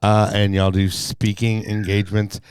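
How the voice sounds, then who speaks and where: A male podcast host with a smooth, resonant voice, recorded close and dry. He talks in a casual, playful way and jokes easily. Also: on the low side, level tone, a little mellow, no echo. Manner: playful, quick to joke. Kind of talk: casual chat.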